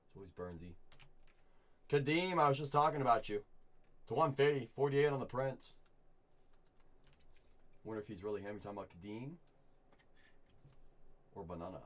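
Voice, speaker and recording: A man hosting a live card break, chatting with viewers and calling out each pull with bursts of excitement. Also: fairly low pitch. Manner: upbeat, chatty, reads chat and calls out pulls with bursts of excitement.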